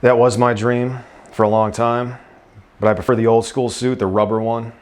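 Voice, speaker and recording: A man's voice: mid-range voice, flat delivery, moderate pace. A man in his thirties from Staten Island with a New York accent, chatting easily as an interview guest with frequent fillers and restarts. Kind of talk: casual interview chat.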